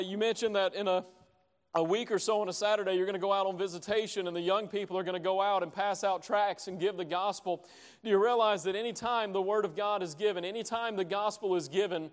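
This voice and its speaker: A man preaching a sermon with passion, swinging between hushed lines and loud cries. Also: high voice, big-room sound. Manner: impassioned, dramatic swings from soft to loud.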